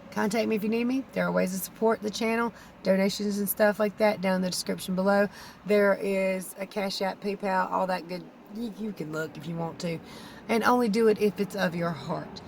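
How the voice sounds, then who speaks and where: Lady vlogging, raspy fry in her voice, begging folks earnestly, near tears. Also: medium pitch, a little hiss or hum. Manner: pleading, earnest, close to tears. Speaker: keto vlogger. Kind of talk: emotional vlog talk to camera.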